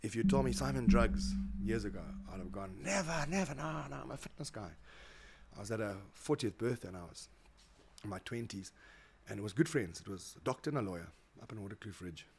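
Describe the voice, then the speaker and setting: Fast-talking South African man, animated. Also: on the low side, a little hiss or hum. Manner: animated, acts out quoted voices, repeats words. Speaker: guest, motivational speaker. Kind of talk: casual interview storytelling.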